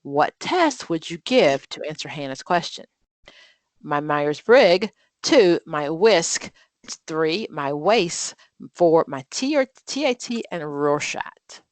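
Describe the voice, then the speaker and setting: A woman's voice: deep voice, sing-song, slow pace, dry recording. A woman instructor leading an exam prep study group, reading practice questions aloud and then quizzing and explaining in a chatty way, with frequent fillers and self-corrections. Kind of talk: live online study group lesson.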